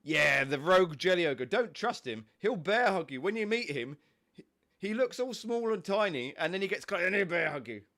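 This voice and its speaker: A man's voice: high voice, big pitch swings, normal speed, fairly bright tone. A young man with a stuffy, snotty nose from a cold, chatting casually and rambling on a live stream, swearing now and then.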